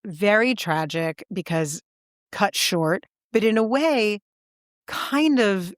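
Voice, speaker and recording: A woman co-hosting a podcast, telling a story in casual chat with animated enthusiasm and sudden jumps in pitch for emphasis. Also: slow, no room sound, clean studio sound. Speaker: podcast co-host.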